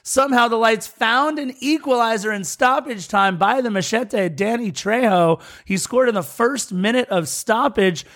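A man co-hosting a casual soccer podcast, recapping matches in a quick, joking way. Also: very high voice, a bit bright. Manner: quick, jokey recap delivery. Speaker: podcast co-host. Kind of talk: casual sports podcast chat.

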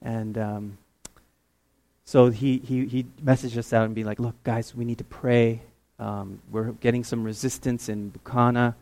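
A man from Canada preaching a testimony sermon, telling his story with animated, rising excitement. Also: measured pace, gravelly. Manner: animated storytelling, climbs high and loud when excited.

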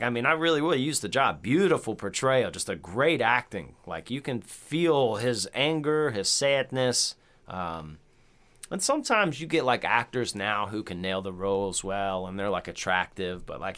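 A man co-hosting a casual movie review chat, animated and swearing freely, often acting out lines in silly voices. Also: lowish voice, normal speed. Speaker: podcast co-host.

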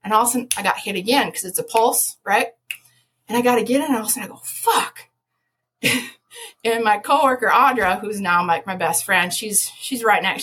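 A woman, a podcast guest, telling an animated story with lots of laughter, sudden loud shouted quotes and many restarts. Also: medium pitch, a little hiss or hum. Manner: lively, laughing, jumps to loud shouts when quoting herself.

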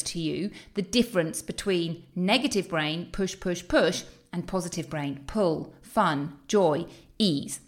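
A middle-aged woman health coach giving an expressive, animated motivational talk. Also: on the low side, unhurried. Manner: expressive, animated, exclaims often. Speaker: health and weight-loss coach.

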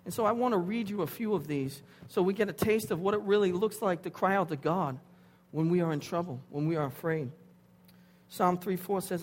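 A man in his thirties preaching a sermon, dropping to hushed tones and rising to loud, pleading intensity. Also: sits high, fairly quick. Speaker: pastor. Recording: hall reverb with faint hum.

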